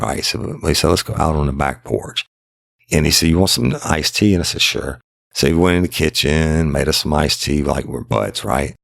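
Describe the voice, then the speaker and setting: A man's voice: a bass voice, creaky, no room sound, clean studio sound. A middle-aged man, casually telling a true crime story and voicing the people in it. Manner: drawling, conversational, voices the people in the story.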